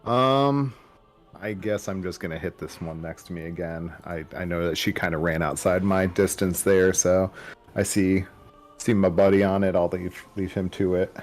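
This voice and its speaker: A man with a fairly low voice, chatting at a tabletop game. He explains his moves in a relaxed, matter-of-fact way, with faint music underneath. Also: moderate pace. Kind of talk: casual game-table chat.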